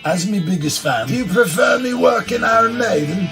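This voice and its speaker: A man doing a friendly impression of a male rock singer, talking slowly with a gravelly voice, over guitar music. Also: sits high, animated. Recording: music behind.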